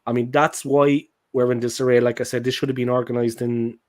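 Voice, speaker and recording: An Irish man with a mid-pitched voice chatting casually on a football podcast. He talks in a loose, joking way and rambles from one point to the next. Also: little pitch movement, a little fast. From Ireland. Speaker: guest.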